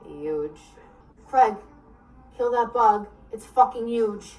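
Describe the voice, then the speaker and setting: A woman's voice: fairly high pitch, expressive, slow, a little mellow. Woman, strong Long Island accent, brash banter, swears, away from the mic, faint background noise. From Long Island, New York. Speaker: person interviewed in a social video. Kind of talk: casual banter. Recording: distant phone-video audio with faint noise.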